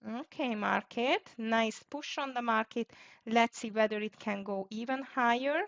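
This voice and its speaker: Her voice is fairly high, gravelly, a bit bright, and a little slow. Over dull lo-fi stream audio, this livestream host comments on her stock trades as they happen, filling gaps with fillers and letting out sighs of disappointment.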